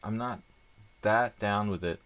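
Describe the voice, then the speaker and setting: A man's voice: on the low side, measured pace, fairly bright tone, clear, resonant tone. A man doing live chess stream commentary, chatty and thinking aloud with rambling asides.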